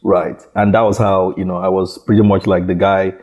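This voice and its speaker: Low, mellow male founder from Nigeria, halting interview guest heavy on fillers. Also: level tone. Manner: hesitant, many repeated words and "you know" fillers. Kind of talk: conversational interview.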